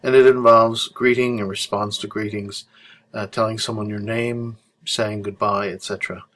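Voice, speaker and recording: A man teaching an Arabic textbook chapter, explaining patiently and slowing down to model each phrase. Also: lowish voice, flat delivery, fairly bright tone, a little hiss or hum. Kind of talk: recorded textbook lesson walkthrough.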